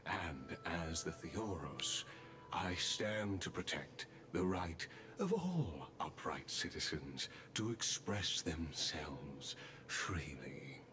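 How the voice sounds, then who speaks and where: A man's voice: sits low, sing-song, slow pace, exaggerated voice. An actor playing a courteous, oily male councillor in a game, formal and scheming. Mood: polite, sly. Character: smooth scheming male elder councillor, chuckling. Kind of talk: video game voice acting.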